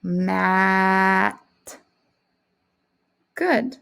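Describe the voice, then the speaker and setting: A woman's voice: medium pitch, vocal fry, fairly bright tone, clear, resonant tone. A woman teaching a phonics lesson to young children, speaking in a patient, encouraging way. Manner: slow, patient, encouraging classroom delivery.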